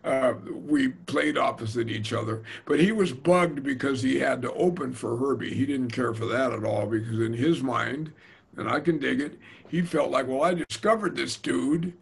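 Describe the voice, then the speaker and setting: Older guy, super gravelly and husky, slangy storyteller chatting away in an interview. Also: mid-range voice, moderate pace. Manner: animated storyteller, slangy and hip, mimics voices. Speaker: jazz drummer telling stories.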